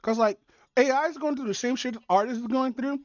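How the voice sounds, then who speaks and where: A woman streamer talks loosely over videos she is reacting to, her voice sitting a little high. She swears freely and wanders between thoughts, filling gaps with ums and likes. The audio is dry, close and somewhat dull. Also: brisk, a little mellow, dry recording. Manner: profane, rambling, many fillers. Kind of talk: casual reaction stream chat.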